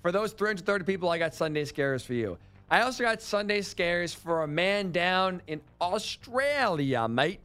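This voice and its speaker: High-voiced man ranting on sports radio. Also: lively intonation, a little fast, a bit bright, smooth. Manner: incredulous, ranting storyteller. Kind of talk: sports talk radio chat.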